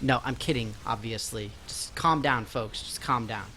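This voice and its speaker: Medium in pitch with a sharp tone, this young streamer talks at a moderate pace. He chats casually with viewers while gaming live, making jokes about himself and his busy day as game music plays faintly behind him.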